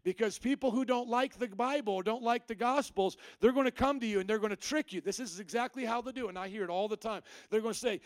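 A man's voice: high voice, quick pace, hardly any pauses, smooth, no room sound. A male pastor preaching a sermon. He quizzes the congregation with call-and-response questions and explains his points through everyday examples.

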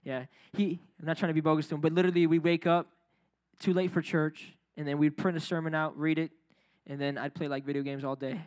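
A young man preaching a casual, energetic youth sermon, building up to near shouting at its peaks. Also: a little high, fast talker.

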